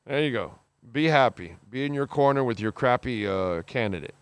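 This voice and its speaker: Man, radio host, blunt and opinionated, reads listener messages, crisp voice, dry sound. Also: mid-range voice, animated, normal speed, no room sound. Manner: blunt, opinionated, swears casually, calls people bro. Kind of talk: casual call-in radio talk.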